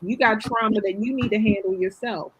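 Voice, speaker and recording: Husky woman podcast co-host. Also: a little high, steady tone, fairly quick, fairly bright tone, muffled recording. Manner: assertive, lecturing tone. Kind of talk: casual chat.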